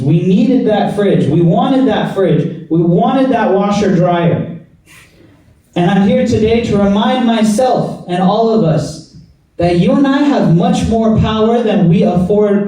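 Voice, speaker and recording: Earnest young preacher in an echoey hall. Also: male voice, high voice, warm tone. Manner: earnest, exhorting, rhetorical repetition. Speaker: imam giving Friday sermon. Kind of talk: sermon. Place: mosque prayer hall. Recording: echoey hall, mic at a distance.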